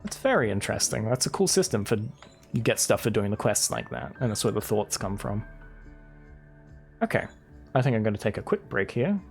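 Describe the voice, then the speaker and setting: A man's voice: lowish voice, sing-song, a little fast, gravelly, long pauses, soft background music. A male game streamer reading game text aloud with wry asides during live gameplay commentary.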